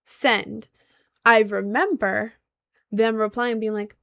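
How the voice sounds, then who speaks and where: A young adult woman livestreaming, chatting casually and reading out viewer comments in a rambling way, going loud then mumbling. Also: a little high, takes it slowly. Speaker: livestreamer and musician.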